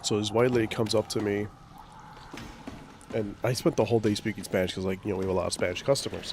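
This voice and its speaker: A man's voice: lowish voice, fairly even intonation, fast talker, background noise. A young man chatting casually on a gaming livestream, telling stories with lots of swearing and jokes. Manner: profane, joking storyteller. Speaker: gaming streamer.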